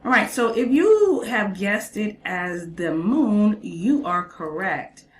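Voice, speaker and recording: A woman's voice: mid-range voice, sing-song, slow pace, crowd noise. A woman hosting a casual reaction commentary, chatty and emphatic with slangy asides. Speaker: host reacting to a clip.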